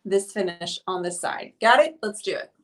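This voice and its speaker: A woman's voice: medium pitch, expressive, moderate pace. Chatty, breathless woman painting live. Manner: chatty and upbeat, talks while working. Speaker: painter hosting a live stream. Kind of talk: live painting tutorial chat. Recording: voice heard from a distance.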